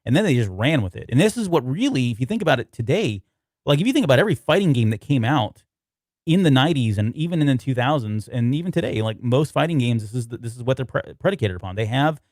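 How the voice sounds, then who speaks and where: A man's voice: medium pitch, very animated, fast, a little mellow, dry recording, clean studio sound. A man co-hosting a casual podcast, talking loosely and reading notes aloud as he goes. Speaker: podcast co-host.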